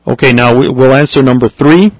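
A man's voice: mid-range voice, no echo, highs cut off. Patient man teaching a language class. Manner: patient, repeats phrases slowly for students. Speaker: Spanish teacher.

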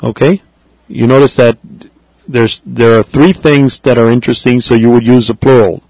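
A man teaching a language class, patiently explaining and repeating phrases slowly for his students. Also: medium pitch, fairly even intonation, gravelly, no room sound, muffled recording. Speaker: Spanish teacher.

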